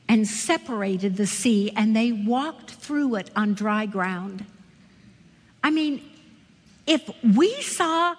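A woman teaching a women's Bible study, expressive and asking her listeners questions. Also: sits high. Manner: expressive, asks the audience questions. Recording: echoey hall with long reverb.

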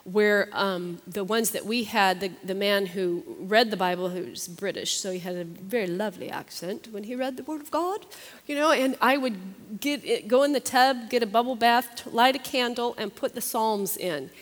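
A woman's voice: medium pitch, normal speed, big-room sound. A woman teaching a Bible study in a chatty, earnest way, repeating phrases for emphasis. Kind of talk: conversational sermon.

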